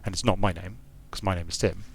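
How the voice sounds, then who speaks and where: He's a game designer from the United Kingdom, and his low-pitched, husky voice holds a steady tone at a quick pace. Streaming a strategy game, he offers casual, digressive remarks, musing aloud in British English.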